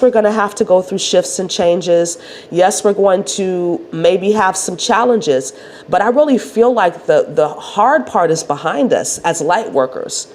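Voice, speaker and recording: A woman's voice: lowish voice, darkish tone. A woman who works as a spiritual wellness coach, talking casually to her viewers in a nasal, encouraging way. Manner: encouraging, reassuring. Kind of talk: casual spiritual talk to camera. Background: faint space heater hum.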